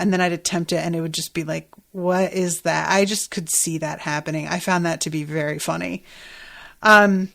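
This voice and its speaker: A woman hosting a podcast, recapping a TV episode in a chatty, profane way and laughing often. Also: fairly low pitch. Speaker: podcast host.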